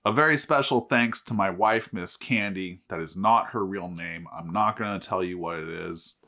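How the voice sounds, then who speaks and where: A man hosting a casual beer review vlog who tells jokes in a deadpan way and swears freely. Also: mid-range voice. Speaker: host.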